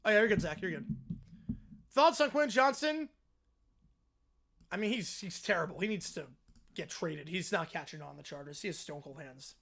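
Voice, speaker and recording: A young man streaming live play-by-play and reaction, yelling at the game on screen and chatting with viewers in between. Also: sits high, moderate pace, creaky, pauses often. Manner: excitable, yells at the screen, then chats with viewers.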